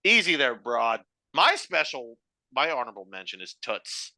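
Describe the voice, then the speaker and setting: A young man co-hosting a podcast, his voice very bright and his pitch swinging widely. He talks in an animated, jokey way and swears freely. The sound is dry and close, with no room around it. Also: normal speed, no echo. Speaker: podcast co-host. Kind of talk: casual chat.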